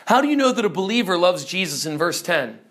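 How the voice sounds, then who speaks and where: A man's voice: high voice, sing-song, fast, a bit bright. A man preaching a teaching sermon who speaks emphatically and keeps putting questions to his listeners.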